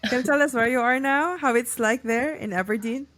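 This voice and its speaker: A woman's voice: on the high side, a little fast, fairly bright tone, a little hiss or hum. A woman co-hosting an interview show, welcoming the guest and thanking everyone. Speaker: podcast co-host.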